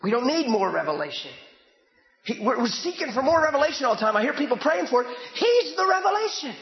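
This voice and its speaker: High-voiced fervent male preacher in echoey church. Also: sing-song, a little fast. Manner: fervent, shouting bursts. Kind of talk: sermon. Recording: echoey church hall, dull lo-fi.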